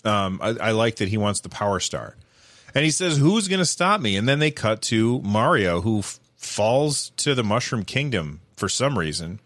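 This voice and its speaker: A man giving casual, animated commentary, rambling with lots of fillers and restarts. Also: on the low side, normal speed, no room sound.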